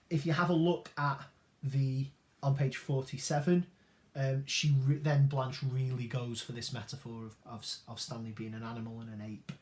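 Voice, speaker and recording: A man, an English teacher, explaining a play in a recorded lesson, casual and full of ums and tag questions. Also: medium pitch. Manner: informal, many ums and rhetorical tag questions.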